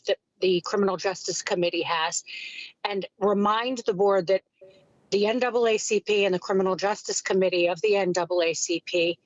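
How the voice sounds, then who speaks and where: A woman speaks earnestly during public comment, measured and firm. The audio is dull and lo-fi, with no room sound at all. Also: mid-range voice, no echo. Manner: earnest and measured, with some restarts. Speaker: public commenter for a community group.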